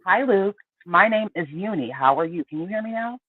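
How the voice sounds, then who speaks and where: A man's voice: high-pitched, expressive, a little fast, dry recording. A man on a live-stream panel, overly polite and insistent, pleading with the guest to get to the point. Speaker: panel member. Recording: tinny phone-like line.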